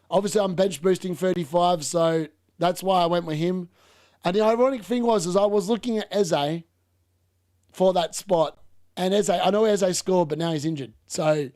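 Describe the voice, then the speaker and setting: A man hosting a live football watchalong, chatting casually and reacting excitedly to the game. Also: on the high side. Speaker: watchalong host.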